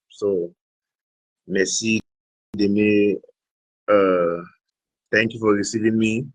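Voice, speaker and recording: A man's voice: on the low side, fairly even intonation, slow pace, pauses often, no echo, rough recording. A man from Cameroon, a guest on an interview show, chatting casually and laughing often as he switches between French, English and pidgin. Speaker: guest blogger.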